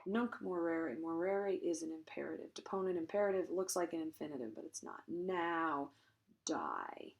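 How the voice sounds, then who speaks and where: A woman's voice: on the low side, fairly quick, hardly any pauses, a little mellow, lo-fi sound. Woman walking through a Latin passage. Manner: explanatory, thinks aloud with frequent ums and self-corrections. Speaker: Latin teacher. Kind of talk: recorded translation lesson.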